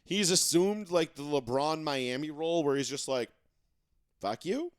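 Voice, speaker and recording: A man hosting a casual sports talk show, trading profane, animated banter with his co-hosts. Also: fairly high pitch, normal speed, clear, resonant tone, dry recording, clean studio sound. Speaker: podcast host.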